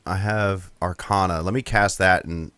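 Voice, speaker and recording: A man playing a tabletop game, joking and swearing as he asks quick questions. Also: low voice, steady tone, a bit bright, clean tone, no echo. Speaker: player. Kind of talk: casual tabletop game chat.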